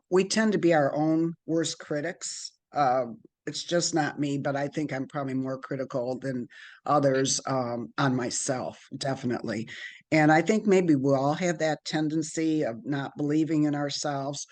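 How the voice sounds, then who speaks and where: She talks a little slowly in a low voice: a middle-aged business owner appearing as an interview guest, spinning lively tales about her work and voicing the people in them.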